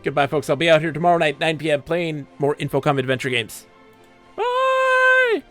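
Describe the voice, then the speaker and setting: A man's voice: fairly high pitch, steady tone, fast, soft background music. A man streaming a game live, chatting in a goofy, joking, self-mocking way.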